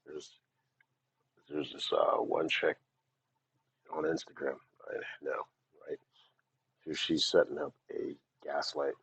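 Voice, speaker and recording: Very deep husky man ranting bluntly. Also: little pitch movement, takes it slowly, pauses often, a bit bright, no room sound. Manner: rambling, blunt, swears often. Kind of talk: casual ranting monologue. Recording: dull lo-fi recording.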